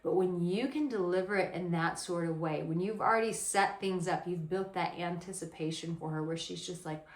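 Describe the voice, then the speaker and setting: A woman dating coach giving blunt, animated advice to camera, swearing casually. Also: lowish voice, moderate pace. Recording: roomy echo.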